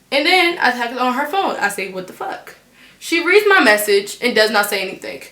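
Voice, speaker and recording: A teenage girl telling a storytime on her vlog, animated and blunt, swearing freely. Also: on the high side, roomy sound. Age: teens. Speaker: vlogger.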